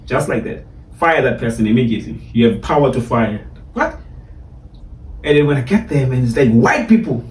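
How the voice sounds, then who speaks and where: A man from South Africa with a South African Xhosa English accent, telling lively stories in a casual chat with many fillers and repeats. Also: medium pitch, a little fast. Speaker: barista trainer, guest. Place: in a car. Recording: roomy sound, mic at a distance, faint ambience.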